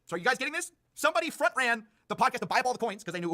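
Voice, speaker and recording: An online commentator recapping internet drama in a played video, sarcastic and quick. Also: mid-range voice, big pitch swings, bright, forceful tone.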